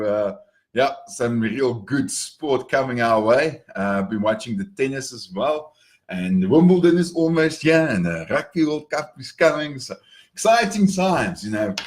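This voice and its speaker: A man talking casually in an upbeat morning vlog, repeating words as he goes. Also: medium pitch. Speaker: marketing vlogger.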